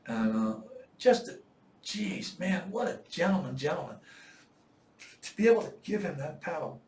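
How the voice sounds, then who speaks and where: A man in his seventies telling war-veteran stories in casual chat, profane and animated. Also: fairly high pitch, moderate pace, roomy sound, distant mic. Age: 70s. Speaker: veteran storyteller.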